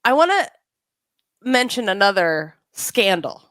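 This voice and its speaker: A woman co-hosting a podcast, chatting casually with quick jokes and asides. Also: medium pitch, no room sound. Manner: animated, joking, quick asides. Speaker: podcast co-host. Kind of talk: casual chat.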